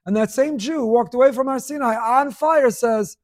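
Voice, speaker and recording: A man's voice: very high voice, normal speed, hardly any pauses, darkish tone, no echo, clean studio sound. A middle-aged man giving an emphatic sermon, repeating key words and asking rhetorical questions.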